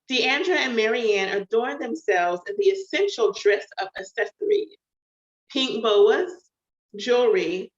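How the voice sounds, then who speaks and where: A woman author reading her own novel aloud in an unhurried, deliberate way. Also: mid-range voice. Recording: echoey, dull home recording.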